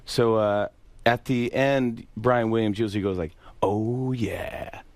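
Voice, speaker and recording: A man telling a lively anecdote as a guest on a radio show, laughing and imitating people. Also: on the low side, moderate pace, clear, resonant tone, dry recording. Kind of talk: casual storytelling on a radio show.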